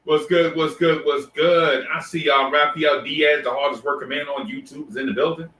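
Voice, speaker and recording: A man's voice: fairly high pitch, fairly even intonation, normal speed, distant mic, slight background noise. A man hosting a casual live stream, greeting viewers one by one and talking loosely with many restarts. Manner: loose, repetitive shout-outs with restarts and fillers. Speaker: livestream host. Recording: echoey room, voice set back from the mic.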